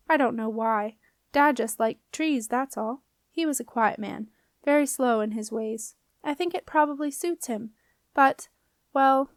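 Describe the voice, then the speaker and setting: A woman's voice: fairly high pitch, no room sound, clean studio sound. A woman voicing an anxious, earnest middle-aged male wizard who talks hesitantly and pleads in a storybook reading.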